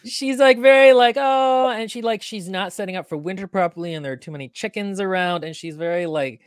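A podcast co-host chatting casually about a book, talking in a lively, rambling way. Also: medium pitch, fast talker, no echo, clean studio sound. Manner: lively, chatty, full of fillers and restarts. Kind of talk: casual book-review chat.

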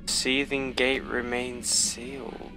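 A man's voice: mid-range voice, completely flat delivery, slow pace. A frightened young man playing a horror game and commenting, jumpy and swearing, with faint game music behind. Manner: jumpy, swearing, rambling and sing-song. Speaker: gaming video host. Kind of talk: let's play commentary.

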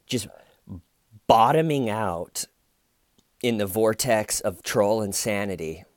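A sardonic man with a somewhat low voice talks through a case in loose, rambling commentary. He jokes and mocks as he goes, and the sound is dry and close with no room echo. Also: animated, slow. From United States. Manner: sardonic, mocking, rambling with restarts. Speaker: true crime commentator. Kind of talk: casual video commentary.

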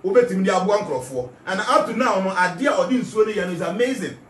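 A man's voice: sits high, expressive, fast talker, fairly bright tone, echoey room, far from the mic. A man with a Ghanaian accent giving an emphatic spiritual talk, repeating his key phrases. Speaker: spiritual teacher.

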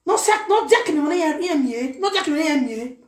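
A woman with a Nigerian accent delivering a heated, animated message to camera, mixing pidgin with a local language. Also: sits high, quick pace. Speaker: social media personality. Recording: roomy echo.

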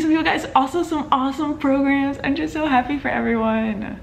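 A young woman in her twenties, a medical student, talking casually to camera with lots of fillers and excited exclamations. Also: high-pitched, brisk, creaky, a little hiss or hum. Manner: excited and emotional, many fillers like "like" and "oh my God".

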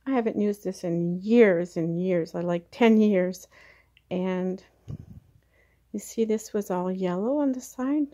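In this casual how-to, a mellow-voiced woman shows how she propagates plants, chatting and hesitating as her hands stay busy. Her voice is mid-range and she takes things slowly, picked up very close by a camera mic.

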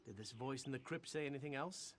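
A man's voice: mid-range voice, fast, slight background noise, lightly acted. An actor playing a resolute male ally in a fantasy video game, speaking earnestly.

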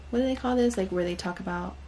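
A woman hosting a casual unboxing vlog, gushing and excitable and chatty with lots of fillers. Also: medium pitch, fast, slight background noise. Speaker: booktube host.

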